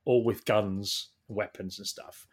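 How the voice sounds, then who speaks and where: A man, a guest in a casual interview, telling long rambling anecdotes that get animated at the funny parts. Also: lowish voice, slow, breathy edge.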